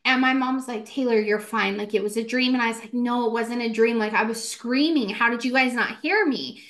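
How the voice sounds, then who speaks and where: A young woman in her twenties telling a ghost story in casual podcast chat, animated and full of "like" fillers. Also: on the high side. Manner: animated, fast, many "like" fillers, acts out quotes. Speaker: podcast co-host.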